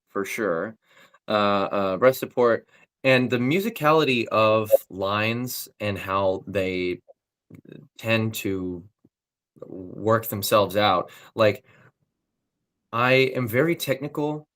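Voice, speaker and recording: A young male voice actor chatting in an interview with a somewhat low voice. He talks loosely, with plenty of likes and ums, while he breaks down technique in detail. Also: a bit bright. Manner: loose, filler-heavy, technical talk with frequent likes and ums. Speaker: voice actor guest. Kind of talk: casual interview chat.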